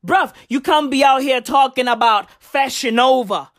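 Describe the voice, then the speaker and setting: A woman delivering a profane comedic rant to camera, full of slang like "bruv" and "fam," with sudden shouted outbursts and big leaps in pitch. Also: normal speed, dry recording, studio quality. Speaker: comedic vlogger.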